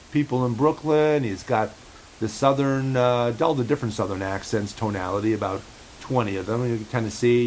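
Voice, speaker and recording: A man hosting a home-made show in a rambling, halting way, full of fillers and restarts, passing on what his cat supposedly says. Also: medium pitch, a little hiss or hum, low-quality recording. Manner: halting, many fillers and restarts, relays a cat's remarks. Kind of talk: rambling casual monologue.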